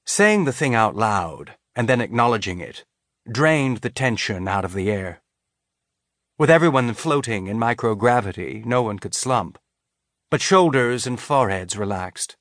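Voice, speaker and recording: A man reading an audiobook in an even, measured narration. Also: on the low side, dry recording, studio quality. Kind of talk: scripted narration.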